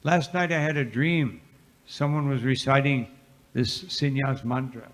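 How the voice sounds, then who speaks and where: A man's voice: medium pitch, unhurried, close to an everyday voice. A man voicing a humble young male saint who earnestly asks his teacher for guidance. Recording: reverberant hall.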